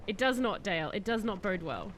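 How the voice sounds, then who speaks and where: A woman streaming a game, possibly, chatting excitedly and answering her chat as she plays. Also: medium pitch, brisk, a little hiss or hum. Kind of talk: live-stream gameplay chat.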